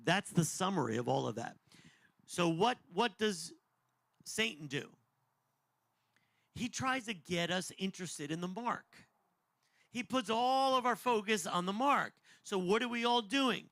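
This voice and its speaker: A man in his fifties giving a conversational, animated end-times Bible teaching as a podcast host, jokey and digressive. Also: sits high, measured pace, creaky, long pauses, no room sound. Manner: animated, jokey, digressive, acts out voices in quotes.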